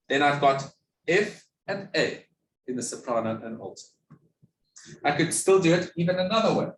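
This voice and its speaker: This is a classroom music theory lecture by a man whose pitch runs fairly high. He patiently asks questions and supplies the answers himself, recorded from a distant mic in an echoey room with slight background noise.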